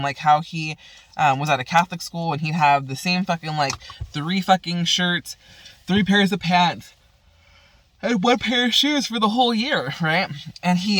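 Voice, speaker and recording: A woman's voice: on the low side, a bit bright, no room sound. A woman vlogger in a casual, profanity-heavy rant, talking frustratedly while smoking at home.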